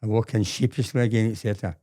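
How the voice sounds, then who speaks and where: An older man, telling stories as a guest in a casual interview, animated and acting out quotes, often repeating words. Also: lowish voice, racing.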